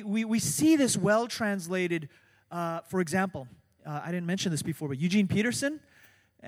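Pastor, male, middle-aged, high voice, dynamic sermon delivery with loud peaks, big hall reverb. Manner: dynamic preaching, swings from soft to loud emphasis.

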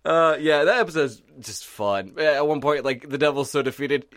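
A man's voice: a little high, normal speed, no room sound, studio quality. A man in casual chat, retelling scenes with frequent laughter. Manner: laughs often, animated retelling.

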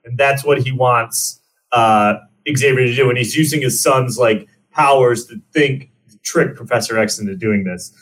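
A man's voice: medium pitch, normal speed, fairly bright tone. A man co-hosting a casual movie podcast, rambling with fillers and laughing often. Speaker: podcast co-host.

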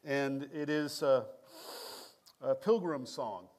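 A man pastor preaching a sermon in a measured, prayerful cadence, reading scripture and leading prayer. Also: mid-range voice, darkish tone. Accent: New York.

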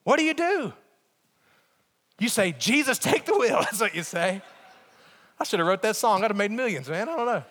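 A man preaching a sermon as pastor, earnest, with quick humorous asides. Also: sits high, big pitch swings, a bit bright. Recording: echoey church hall.

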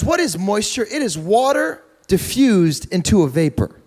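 A young man preaching a sermon through a funny personal story, chatty and repetitive, building to loud preaching. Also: high-pitched, big pitch swings, moderate pace. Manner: conversational, humorous, repeats words, rises to loud preaching.

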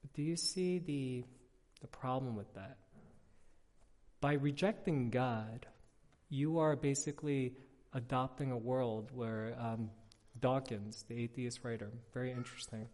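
A man's voice: medium pitch, unhurried. A man preaches in a loose, conversational way, sprinkling in fillers as he tells stories. His mid-range voice rings out with a long reverb, as if from a large church sanctuary. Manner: casual, animated storytelling with frequent filler words. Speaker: pastor. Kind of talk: conversational sermon.

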